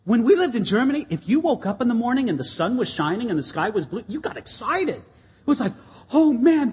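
A male pastor with a high, husky voice delivers a lively, conversational sermon. He keeps turning to the congregation with questions. The sound carries the long reverb of a church hall. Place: church sanctuary.

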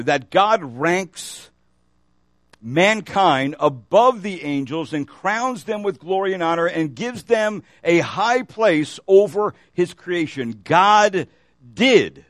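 A male pastor delivers a sermon with a fairly high-pitched voice. The sound is dry and close, with little room around it. He reads scripture aloud and throws questions out to the congregation. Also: expressive, slow pace, no room sound. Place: church.

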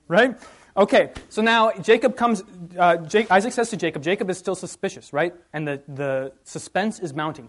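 A man's voice: fairly high pitch, animated, moderate pace. A man teaching a Bible class, reading passages aloud with emphasis and asking the group questions in a conversational way.

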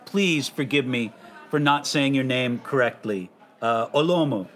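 A man's voice: mid-range voice, measured pace, a bit bright. A man hosting a casual faith conversation, reading listener questions aloud in a teasing, inquisitive way.

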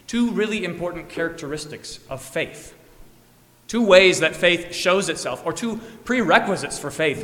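A male pastor delivering a sermon earnestly, rising to emphatic peaks and dropping to soft, low endings. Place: church. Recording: long church reverb.

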